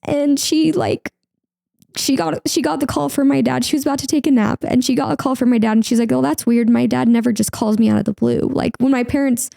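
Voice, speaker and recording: Young woman guest, creaky mellow voice, candid and chatty, close dry podcast mic. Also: high-pitched, a little fast, no room sound. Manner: candid, heavy use of "like", acts out her own past words. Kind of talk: emotional personal interview.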